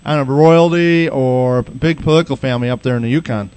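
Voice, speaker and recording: A man's voice: mid-range voice, a little fast, a little mellow, clean tone. A man hosting a podcast, chatting casually and rambling with many restarts. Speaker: podcast host. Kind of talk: casual chat.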